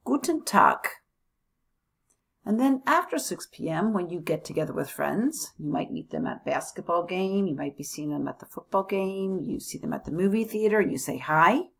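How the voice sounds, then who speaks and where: A woman from the United States teaching a language lesson, slowly modeling phrases and repeating them for students. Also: fairly low pitch, animated, gravelly, breathy edge.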